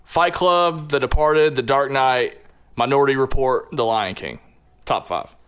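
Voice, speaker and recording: A man hosting a casual movie podcast, laughing often and jumping between quick asides. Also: mid-range voice, fairly bright tone, smooth. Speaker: podcast host. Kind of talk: casual chat.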